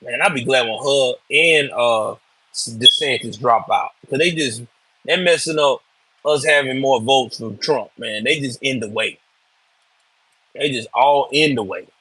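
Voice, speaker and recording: A man's voice: medium pitch, measured pace, pushed and bright, slightly rough, no echo, rough recording. A man hosting live political commentary, ranting in a blunt, profane, emphatic way.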